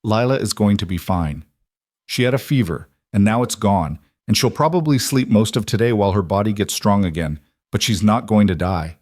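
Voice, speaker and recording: A man voicing a kind young frontier woman who speaks gently but firmly, reassuring a frightened family. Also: fairly low pitch, lively intonation, normal speed, dry recording, clean studio sound, natural voice.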